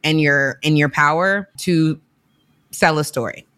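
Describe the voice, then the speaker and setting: A woman in her thirties, a podcast guest, talking in an animated, emphatic, slangy way in a casual interview. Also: low-pitched, a little slow, no room sound. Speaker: podcast guest, on-air talent.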